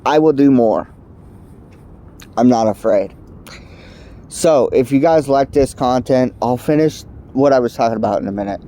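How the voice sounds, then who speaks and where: A man's voice: medium pitch, mellow. A man vlogging a heated political rant to camera, angry and emphatic, sounding stuffed up from allergies. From United States.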